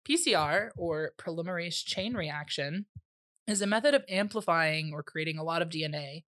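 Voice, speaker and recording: A young adult woman co-hosting a casual science podcast, relaxed and agreeable, often laughing. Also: lowish voice, normal speed, no room sound, studio quality. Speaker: podcast co-host.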